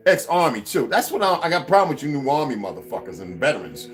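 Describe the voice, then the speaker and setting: Guy going off in a swearing vlog rant, voice jumps up and down a lot, bit high. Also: a little fast, hardly any pauses, soft background music. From United States. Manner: heated, swearing, mocking, lively swings in pitch. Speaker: vlogger. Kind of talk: profane ranting monologue.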